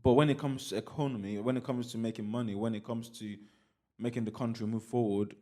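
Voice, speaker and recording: Animated man chatting as podcast host. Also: medium pitch, fast talker. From Nigeria (Igbo heritage). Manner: animated, explains by examples, repeats "you get what I'm saying". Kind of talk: casual conversation.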